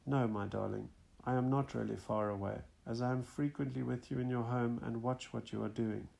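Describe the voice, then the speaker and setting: A proud, forthright spirit mother speaks fondly to her daughter, read by a man. The voice is gravelly and mid-pitched, as in a plain audiobook reading. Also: steady tone, a little fast, a little mellow.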